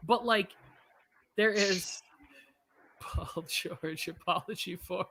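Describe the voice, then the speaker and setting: A man's voice: high-pitched, slow, vocal fry, sharp tone, slight background noise. A man co-hosting a basketball watch party, talking casually with rambling asides and self-mocking jokes. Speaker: co-host of a sports watch party. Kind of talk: casual live game commentary.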